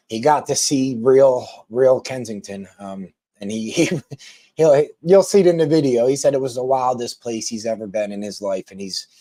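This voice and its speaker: A man talks slowly and loosely to his live-stream viewers. His voice is mellow and dark, recorded close and dry, and he wanders through his thoughts with frequent ums and restarts. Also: mid-range voice, no echo. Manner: rambling, many ums and restarts.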